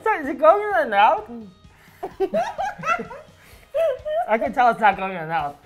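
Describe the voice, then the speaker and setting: Giggly young woman, high lively voice. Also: measured pace. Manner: giggly, joking, talks around a mouthguard. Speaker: challenge video host. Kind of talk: casual chat. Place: studio. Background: music.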